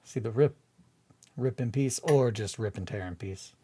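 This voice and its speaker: A man hosting a hobby video, talking in a casual, rambling way, swearing freely and trying to calm down from a bad mood. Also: mid-range voice, normal speed, slightly rough. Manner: excitable, rambling, swears freely, restarts often.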